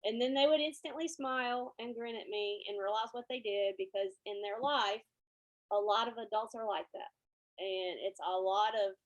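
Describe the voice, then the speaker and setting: A woman's voice: mid-range voice, moderate pace, muffled recording. A woman band director, giving a presentation and acting out quotes as she tells stories. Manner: lively storyteller, acts out quotes. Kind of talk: conference presentation.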